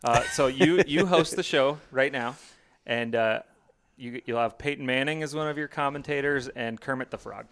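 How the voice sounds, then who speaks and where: A man's voice: medium pitch, normal speed, fairly bright tone. A man hosting a casual sports podcast, loose and joking as he rambles. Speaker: podcast host.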